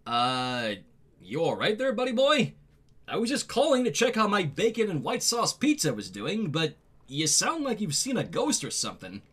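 A man's voice: high-pitched, wildly swooping pitch, normal speed, a bit bright, slightly rough. A man playing a casual, puzzled caller in a comedy prank-call skit.

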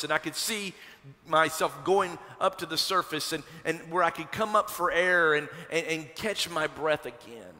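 A man from Kentucky, a pastor, preaching a sermon and telling a personal story in a conversational, animated way. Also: on the high side. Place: church sanctuary. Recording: long hall reverb from a church sanctuary.

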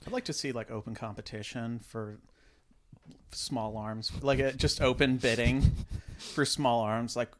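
A man's voice: mid-range voice, unhurried. A man co-hosting a comedy podcast with sarcastic remarks. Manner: sarcastic, lively delivery. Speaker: podcast co-host. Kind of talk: casual comedy podcast chat.

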